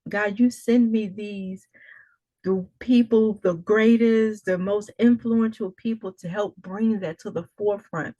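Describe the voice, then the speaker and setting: A woman's voice: medium pitch, darkish tone, no echo, dull audio. A woman coach hosting an interview, effusive and full of praise, speaking often of God. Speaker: coach and host. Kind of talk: emotional interview.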